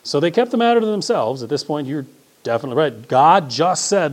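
A middle-aged man preaching a sermon as pastor, swinging between loud emphasis and hushed, quiet asides. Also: a little high, expressive, a little fast.

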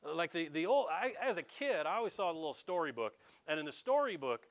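A man's voice: fairly high pitch, quick pace, few pauses. A middle-aged man, preaching a folksy, joking sermon as pastor. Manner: folksy, animated preaching with jokes and asides.

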